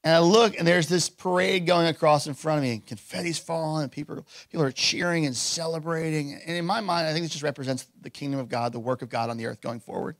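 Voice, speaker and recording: A man's voice: a little high, quick pace, vocal fry, hardly any pauses, no echo. A man preaching a sermon as pastor, telling stories casually with lots of fillers and building to emphatic declarations. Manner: casual storytelling with many fillers.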